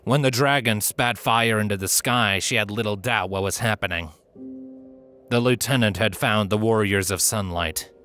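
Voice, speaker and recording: A man reading a fanfiction story aloud with steady, dramatic narration. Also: lowish voice, normal speed, soft background music. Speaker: narrator and reader.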